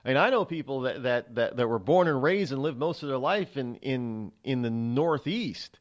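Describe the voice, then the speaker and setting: A man's voice: medium pitch, lively intonation, normal speed. A man hosting a show, talking in a rambling, chatty monologue with frequent restarts. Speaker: radio show host. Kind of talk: casual monologue.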